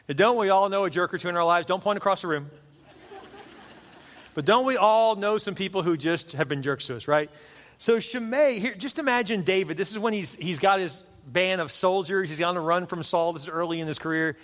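A high-voiced man delivers an animated sermon, slipping into playful character voices as he tells stories. His words ring out with a long reverb that fills a large hall. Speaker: pastor.

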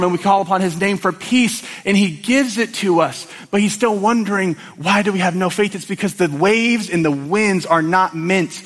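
A man preaching a sermon to his church, animated and storytelling, acting out scenes in quick little voices. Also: high voice, in a large hall.

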